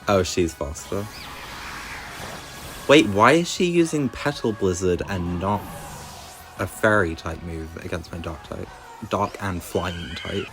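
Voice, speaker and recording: A man's voice: sits low, animated, unhurried, faint music behind. A young man giving wry, chatty gameplay commentary. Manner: wry, chatty, laughs at the game. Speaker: game commentator.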